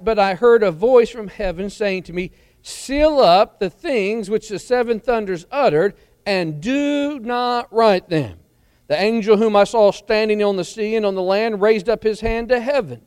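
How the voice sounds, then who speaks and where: A man's voice: sits high, darkish tone, no echo, clean studio sound, long reverb tail. A man preaching a Bible lesson, reading scripture aloud and explaining it, sometimes stumbling and asking the listeners questions. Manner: reads scripture aloud then explains it, with restarts; addresses listeners directly with questions. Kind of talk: Bible teaching sermon.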